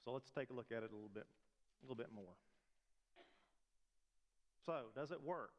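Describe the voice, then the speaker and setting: A man's voice: mid-range voice, moderate pace. A man preaching a sermon as pastor, in a conversational way full of rhetorical questions. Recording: long reverb of a large hall.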